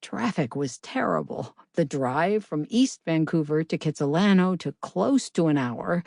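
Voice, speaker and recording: A woman narrating a novel as an audiobook reader, in a measured, gentle storytelling manner. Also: low-pitched, lively intonation, vocal fry, no echo, studio quality. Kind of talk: scripted narration.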